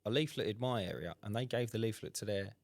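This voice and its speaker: A man, co-hosting a casual podcast and telling animated stories, acting out customer dialogue. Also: fairly low pitch, fairly quick, gravelly, no echo. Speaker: podcast co-host, window cleaner. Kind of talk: casual chat.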